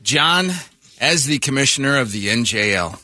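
A man co-hosting a morning radio show, throwing in dry, deadpan jokes during banter. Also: mid-range voice, moderate pace, dry recording. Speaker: radio co-host.

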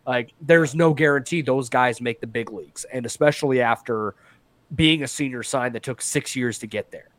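A man's voice: medium pitch, moderate pace. A man hosts a sports podcast in an easy, conversational way. He often restarts his sentences as he talks. The sound is dry and close, with almost no room echo. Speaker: podcast host. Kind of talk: casual sports podcast chat.

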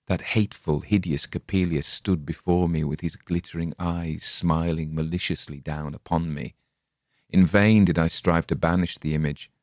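A man with a very low voice reads the tale aloud in a measured, grave manner. The sound is dry and close, with no room around it. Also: no room sound. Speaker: audiobook reader. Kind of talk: scripted narration.

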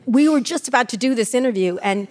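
A woman's voice: a little high, expressive, fast, a little mellow. A woman in her sixties being interviewed on stage about her memoir, telling irreverent, profane anecdotes and mimicking the people in them. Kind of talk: candid storytelling on stage. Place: live event stage.

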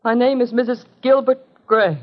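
A woman's voice: on the high side, fairly even intonation, normal speed, natural voice. An actress playing a desperate, tense middle-aged wife and mother in a 1950s radio drama, earnest and pleading. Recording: muffled 1950s radio broadcast.

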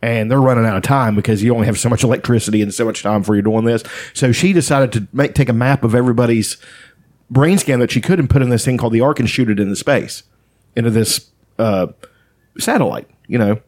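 A man's voice: medium pitch, quick pace, a little mellow. Man, casual chat, rambling, profane, filler-heavy storyteller.

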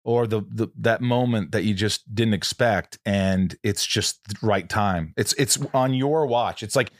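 Low-voiced man hosting a casual chat. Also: a little slow, dry recording, clean studio sound. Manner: rambling, restarts sentences, swears casually. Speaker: podcast host.

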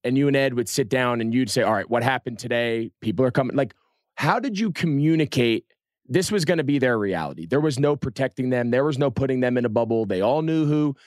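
A man's voice: medium pitch, lively intonation, brisk, darkish tone, no echo, studio quality. A man hosting a podcast interview, asking long conversational questions. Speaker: podcast host. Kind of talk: casual interview.

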